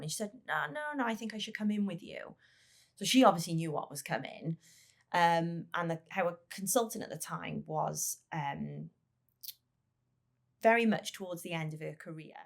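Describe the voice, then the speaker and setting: A woman who is the parent of a child with a brain injury, telling her story in a podcast interview in a halting way, repeating words and acting out the dialogue she recalls. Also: fairly low pitch, gravelly, a bit bright.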